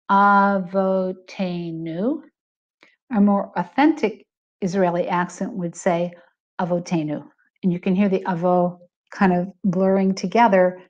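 A middle-aged woman speaks at a middle pitch as she narrates a recorded lesson. She explains patiently and clearly, slowing to stress each example. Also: darkish tone, muffled recording. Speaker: Hebrew teacher.

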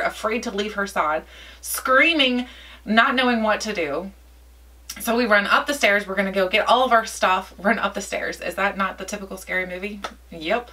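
A woman's voice: on the low side, recorded from a distance, rough recording. A woman vlogger telling a personal story in a casual, chatty way, acting out the dialogue as she goes. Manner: chatty, lively retelling with quoted dialogue.

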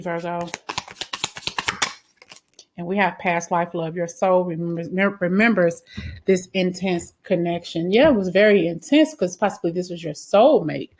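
A woman's voice: fairly low pitch, moderate pace, background noise. A woman giving a casual tarot reading, talking bluntly, swearing freely and often ending lines with "okay?". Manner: blunt, swears freely, flares into angry outbursts; frequent "okay?" tag questions. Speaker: tarot reader.

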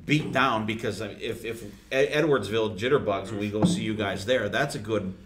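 A man's voice: fairly low pitch, normal speed, slight background noise. A man co-hosting a podcast, chatting with a guest in an enthusiastic, chummy way with casual swearing. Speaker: podcast co-host. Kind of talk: casual interview chat. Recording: roomy echo.

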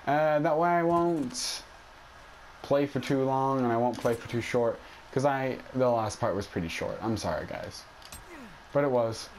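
A man's voice: medium pitch, a little slow, slight background noise. A man giving casual, self-mocking commentary while playing a video game, yelping in panic when things go wrong. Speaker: gaming YouTuber. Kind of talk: casual let's play commentary.

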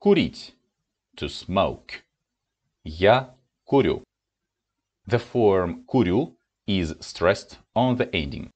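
A native Russian speaker with a low voice and a Russian accent teaches a grammar lesson in English. He pronounces the example words clearly.

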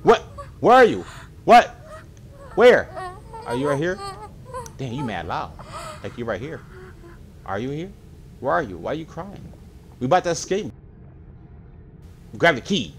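A young man with a deep voice giving casual, excitable let's-play commentary, swearing and talking to his viewers as he plays. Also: normal speed, pauses often, slight background noise. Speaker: gaming video creator.

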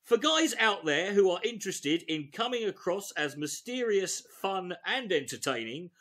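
A man's voice: high voice, very animated, moderate pace, fairly bright tone. A man hosting a comedic read-through of a dating book, swearing often and rambling off into asides. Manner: profane, rambling, riffs between read passages. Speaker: host. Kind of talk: comedic reading of a self-help book.

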